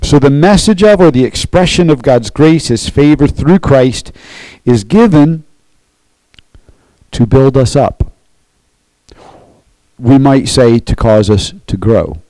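A man's voice: mid-range voice, animated, slow, long pauses, mellow, no echo, low-quality recording. A man preaching a sermon as pastor, earnest, often checking in with the congregation by asking "okay?".

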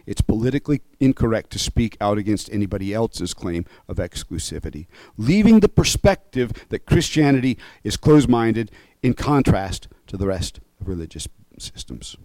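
A man preaching in a warm, mellow voice, laying out his argument point by point and pressing each one home. He keeps checking in with his listeners as he goes. The recording is close and dry, with no room sound. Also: medium pitch, no room sound. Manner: emphatic, reasoning step by step, often checks in with "okay?". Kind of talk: sermon-style teaching.

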